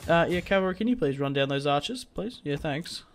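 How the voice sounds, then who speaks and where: A man's voice: a little high, animated, fairly quick. A young man giving casual gameplay commentary, chatting and muttering orders to his troops as he plays. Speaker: gaming video creator.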